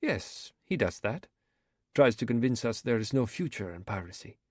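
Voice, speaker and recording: Man doing a suave pirate boss, African accent, unhurried, average pitch, dry close sound. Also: big pitch swings, darkish tone, husky, dry recording. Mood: calm, proud. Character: smooth Somali pirate commander, middle-aged man.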